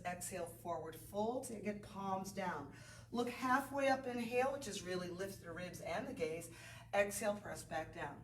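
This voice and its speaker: A woman's voice: mid-range voice, recorded from a distance, a little hiss or hum. A woman yoga instructor guiding a beginner class, chatty and encouraging as she calls out breath cues. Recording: roomy, off-mic with faint ambience.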